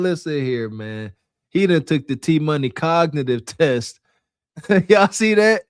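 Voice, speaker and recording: Podcast guy clowning on a clip, laughs a lot, highish voice, dry close sound. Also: no room sound. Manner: mocking, laughing, slangy. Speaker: podcast co-host. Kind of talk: casual reaction commentary.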